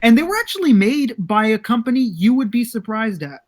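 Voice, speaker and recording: A man's voice: very high voice, big pitch swings, fairly quick. A young man co-hosting a casual podcast, telling rambling stories and swearing freely. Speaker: podcast co-host.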